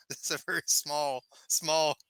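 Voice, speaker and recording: A man's voice: a little high, fairly even intonation, slow pace, fairly bright tone, smooth, dry recording. A man with a Canadian accent, a player in a tabletop game, joking and laughing a lot in casual chat.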